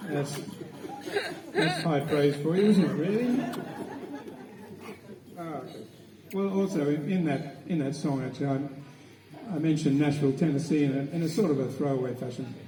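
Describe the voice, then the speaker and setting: A man's voice: fairly high pitch, normal speed, pauses often, mellow, some chatter behind. An older Australian man chatting to the audience between songs at a live gig in a village tavern, telling rambling anecdotes full of hesitant restarts. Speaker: singer and guitarist. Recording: roomy live recording from a distance.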